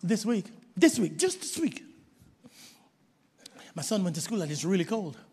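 High-voiced preacher booming through a reverberant hall. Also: male voice, sing-song, moderate pace, slightly rough. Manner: emphatic, swinging from shouts to hushed low tones. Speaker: pastor. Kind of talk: sermon.

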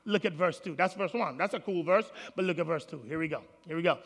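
A man preaching a sermon to his congregation, animated, calling out to the people in the room. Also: a little high, fast talker, gravelly. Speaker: pastor. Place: large auditorium with congregation. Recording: long hall reverb.

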